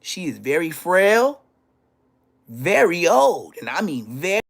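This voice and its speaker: A man telling profane, animated stories from his school days on a casual livestream, laughing as he goes. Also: on the high side, takes it slowly, vocal fry. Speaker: livestream host. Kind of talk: casual storytelling.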